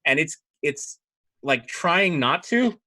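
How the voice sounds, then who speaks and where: A man's voice: on the high side, expressive, slow pace, pushed and bright. A man narrating as dungeon master in a loose, rambling way full of fillers. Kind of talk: narrating a tabletop game.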